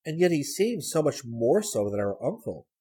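A weary, gentle young woman from a storybook reading, as a male narrator puts her on. She speaks softly and hesitantly, raised well above his usual pitch, with a husky grain. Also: very animated, normal speed. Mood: wistful. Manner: soft, wistful, hesitant. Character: tired, gentle young woman, thoughtful and uneasy.

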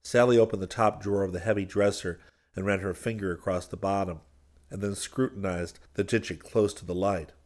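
A man reading a story aloud as an audiobook narrator, in a measured, even storytelling manner. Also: low-pitched. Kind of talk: scripted narration.

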